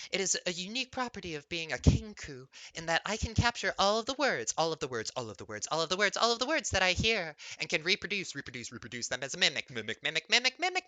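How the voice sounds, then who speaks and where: A man's voice: high voice, bright, forceful tone, no echo, exaggerated voice, poor audio. A man voicing a flirty female bird-person bard who repeats and stutters words like a mimic.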